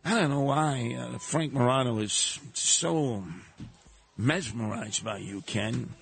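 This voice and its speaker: A man hosting a radio talk show, delivering a sarcastic, animated monologue. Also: mid-range voice, slow, creaky, soft background music. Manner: sarcastic, animated, mocking put-on voices.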